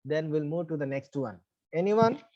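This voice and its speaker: A man's voice: on the high side, expressive, normal speed, darkish tone, no echo. A man with an Indian English accent teaching an online English class, patiently repeating points and spelling words out letter by letter. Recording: dull lo-fi sound.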